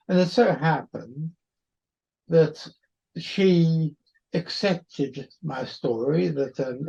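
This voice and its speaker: A man's voice: on the high side, gravelly, a little mellow, breathy edge. A man, hosting a podcast and telling a story in a rambling, wry manner. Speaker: podcast host. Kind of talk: storytelling monologue. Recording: dull lo-fi recording.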